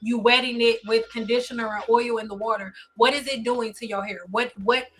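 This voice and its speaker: A woman's voice: a little high, steady tone, brisk, a bit bright. A woman hairstylist hosting a live stream, giving blunt, insistent advice and repeating pointed questions.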